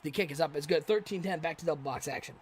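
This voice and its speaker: A man doing live play-by-play commentary of a video game football stream, with excitable calls on big plays and chatting with viewers between plays. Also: on the high side, fast talker, background noise.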